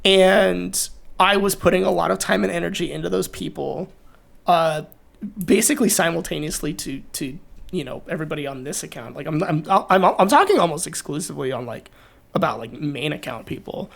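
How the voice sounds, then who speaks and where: A woman's voice: deep voice, brisk, creaky. A young adult woman hosting a podcast, chatting casually and emphatically, swearing freely. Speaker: podcast host. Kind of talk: casual chat.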